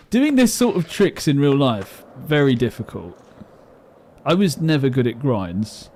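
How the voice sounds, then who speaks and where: Male streamer, casual chat while gaming, self-mocking rambles, mellow tone, faint background hiss. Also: medium pitch, big pitch swings, measured pace.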